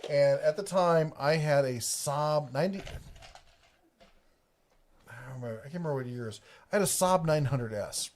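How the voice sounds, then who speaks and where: A middle-aged man from the Ohio and Kentucky area hosts a casual livestream, reading viewer comments in a rambling, jokey way that keeps breaking off mid-sentence. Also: fairly high pitch. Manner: rambling, self-interrupting, jokey. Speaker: host of a tool livestream.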